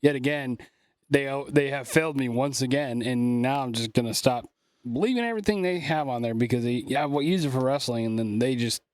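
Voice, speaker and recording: A young man co-hosting a podcast, talking sports casually in a halting, blunt way and often repeating words. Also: medium pitch, no echo. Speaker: podcast co-host.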